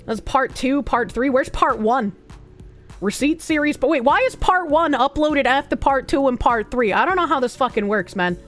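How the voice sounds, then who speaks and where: A young woman with a Boston accent riffs through a live reaction stream in a high, bright-pitched voice. Her talk is crude, sarcastic and rambling, full of swearing and side jokes. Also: animated, moderate pace, soft background music.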